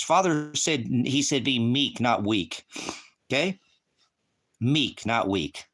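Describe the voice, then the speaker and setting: A man's voice: medium pitch, a bit bright. A man preaching on a livestream, answering the chat in a confrontational, insulting way, swearing and repeating himself as he rambles. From United States. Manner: repetitive and rambling. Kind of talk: combative livestream rant.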